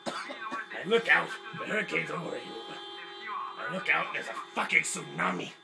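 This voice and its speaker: A young man improvising a loud, profane navy hero who brags through his tall tales and breaks into laughter. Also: on the high side, moderate pace, vocal fry, over music. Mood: boastful. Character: brash boastful male navy hero telling tall tales. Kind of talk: improvised comic monologue.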